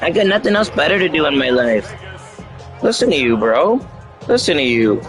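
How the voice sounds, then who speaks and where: A man's voice: fairly high pitch, sing-song, normal speed, soft background music, low-quality recording. A man trash-talking an online opponent during a live game, mocking and sarcastic, repeating his jabs over and over. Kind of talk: live gameplay chat. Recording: live stream with loud game crowd.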